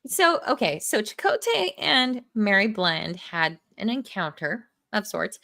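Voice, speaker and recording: A woman recapping film scenes on a casual podcast, with a bright, lively voice that leaps up when she laughs. She is on a close, dry computer mic. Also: mid-range voice, measured pace, creaky, no echo. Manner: giggly plot recapping. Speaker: podcast co-host. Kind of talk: casual chat.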